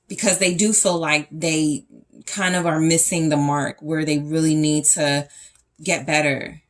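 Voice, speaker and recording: A woman's voice: deep voice, little pitch movement, measured pace. A young woman giving a casual pick-a-card tarot reading straight to her audience, thinking aloud with fillers and restarts as she turns over each card. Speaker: tarot reader.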